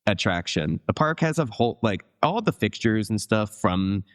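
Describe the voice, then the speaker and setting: A man with a very low voice chats casually as a podcast co-host. He rambles through long, enthusiastic explanations full of asides. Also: big pitch swings, normal speed. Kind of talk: casual chat.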